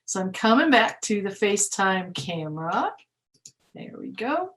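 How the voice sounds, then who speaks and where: A young woman reading a picture book aloud to children, animated, with gasps, laughs and questions to her listeners. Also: medium pitch, unhurried. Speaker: museum educator reading to children. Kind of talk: storytime read-aloud.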